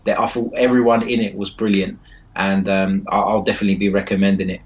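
A man's voice: low voice, flat delivery, fast. A man co-host giving fluent, enthusiastic praise in casual football chat, on a muffled line. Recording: muffled lo-fi audio.

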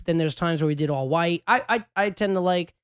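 A man's voice: on the high side, smooth, no room sound, studio quality. A man co-hosting a podcast, chatting casually in a rambling, jokey way. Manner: jokey, rambling, quick laughs. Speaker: podcast co-host. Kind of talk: casual chat.

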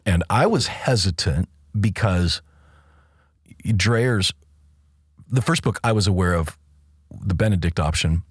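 A man's voice: sits low, a little slow, pauses often, slightly rough, no echo, clean studio sound. A man co-hosting a podcast, talking through faith and culture in an emphatic, casual way and often restarting his sentences. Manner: emphatic, repeats words while thinking. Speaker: podcast co-host.

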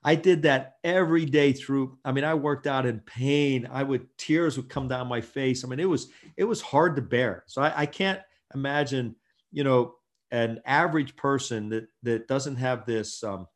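A middle-aged man who works as a chiropractor, guesting in a casual interview. He tells stories in an animated way and laughs often as he goes. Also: medium pitch, moderate pace.

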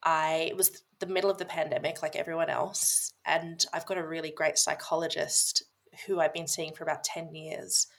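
Woman guest in her 30s, low gravelly voice, chatty and rambling. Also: little pitch movement, normal speed. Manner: chatty, lots of "like" and restarts. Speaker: podcast guest. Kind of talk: casual personal storytelling.

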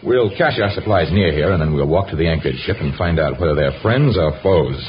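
Tarzan, deep and steady. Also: male voice, soft background music. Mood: calm. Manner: measured, formal speech. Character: Tarzan, powerful jungle hero, calm and firm. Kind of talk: 1930s radio drama acting. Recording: dull old radio recording, faint hiss.

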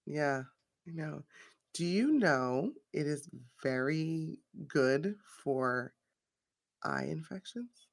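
Gravelly, playful woman co-host. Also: sits low, lively intonation, extremely slow, dry recording, studio quality. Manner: playful, laughs often while talking. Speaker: podcast co-host, internist physician. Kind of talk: casual chat.

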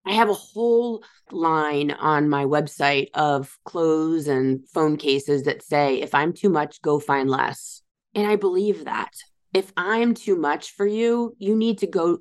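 Low-voiced woman giving a candid self-help talk. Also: measured pace. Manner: candid, conversational, swears casually. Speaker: podcast host. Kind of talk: reflective self-help monologue.

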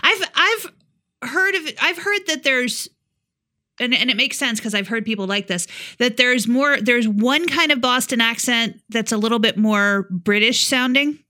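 A woman's voice: a little high, a little slow, bright, forceful tone. A woman co-hosting a podcast, chatting in a thoughtful, easy way. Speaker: podcast co-host. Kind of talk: casual chat.

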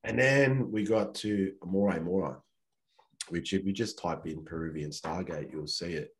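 Podcast guest: Australian man, low voice, easygoing profane storyteller. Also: normal speed. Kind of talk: casual storytelling.

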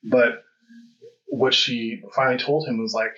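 A man's voice: medium pitch, a little slow, sharp tone. A man hosting a podcast, talking candidly and reflectively in a rambling conversational way. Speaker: podcast host. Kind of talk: conversational interview. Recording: dull lo-fi audio.

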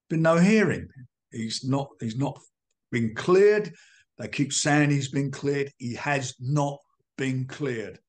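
Blunt older man, combative and emphatic. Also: mid-range voice. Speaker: boxing promoter. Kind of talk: podcast interview answers.

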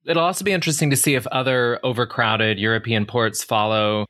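A man who is a travel editor and a regular on the show, joking and throwing in quick, short reactions during casual chat. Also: mid-range voice, fairly even intonation, pushed and bright.

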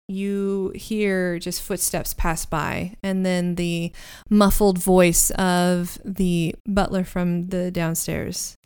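Smooth-voiced woman running a tabletop game. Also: lowish voice, a little mellow. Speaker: game master.

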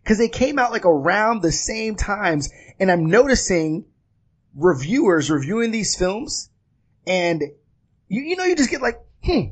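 A man talking as a film critic in a casual panel discussion, animated, with frequent restarts and exasperated quoting of others. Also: high voice, measured pace.

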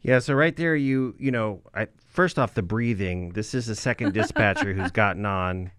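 A man's voice: on the low side, moderate pace, fairly bright tone, a little hiss or hum. A man co-hosting a podcast, talking casually and quoting lines from a recorded call as he goes. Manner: conversational, quotes the recording as he talks. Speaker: podcast co-host.

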